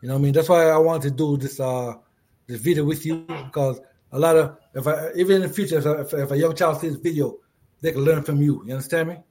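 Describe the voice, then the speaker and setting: A man's voice: a little high, fast, dark tone. A middle-aged man interviewing a young woman in a casual chat, encouraging, laughing often and repeating his words.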